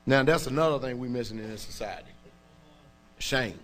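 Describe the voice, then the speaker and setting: A pastor preaches at a moderate pace, his mid-range voice a bit bright. His sermon is emphatic and informal, and he often checks in with his congregation.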